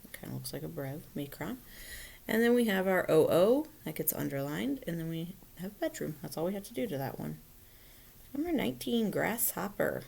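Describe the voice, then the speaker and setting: Lady teacher going over phonics slowly, low gravelly voice, keeps saying right?. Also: big pitch swings, a little mellow. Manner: patient, explains step by step, often asks "right?". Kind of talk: recorded phonics lesson for children.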